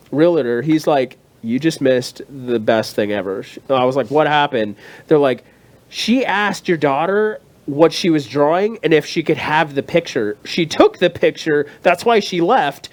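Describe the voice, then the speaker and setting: A man in his thirties, co-hosting a casual chat show and telling a story while acting out the people in it. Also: on the high side. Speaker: co-host.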